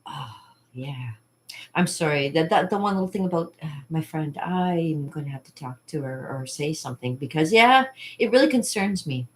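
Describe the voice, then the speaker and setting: Woman, vlog host, casual chat, rambling, laughs a lot, slightly low voice. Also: expressive, fairly quick. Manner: rambling and chatty, laughs often, acts out quotes. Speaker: channel host.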